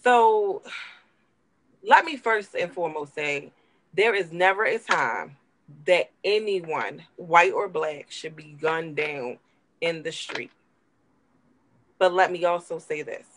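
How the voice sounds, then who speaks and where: A woman's voice: on the low side, animated, takes it slowly, pauses often, a bit bright, a little hiss or hum, low-quality recording. A woman co-hosting a talk show, giving impassioned, emphatic commentary and repeating words for emphasis while emotional.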